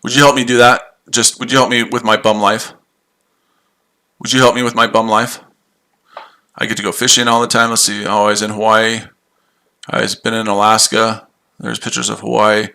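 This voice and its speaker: A man's voice: lowish voice, flat delivery, brisk, gravelly, pushed and bright. A tired man hosting a live trading stream, answering chat in a sarcastic, combative way and repeating himself. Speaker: trading livestream host.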